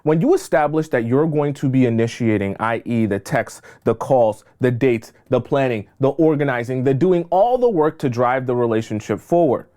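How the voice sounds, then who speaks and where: A man's voice: lively intonation, normal speed, hardly any pauses, warm tone. A man giving dating advice straight to camera, emphatic and acting out little scenes by playing both sides. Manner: emphatic, acts out both sides of little scenes with squeaky high voices for the woman. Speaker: dating coach. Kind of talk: direct-to-camera advice monologue.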